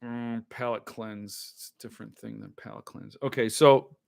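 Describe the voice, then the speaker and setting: A man's voice: on the low side, steady tone, moderate pace, gravelly. A man hosting a podcast, rambling in loose, joking casual chat while he opens and drinks wine. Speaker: podcast host.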